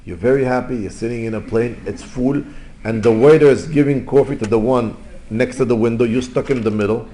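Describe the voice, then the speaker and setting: A male rabbi teaches Torah informally in English that isn't his native tongue, sprinkling in Hebrew terms and telling stories. His medium-pitched voice moves briskly, swinging from loud exclamations to quiet asides.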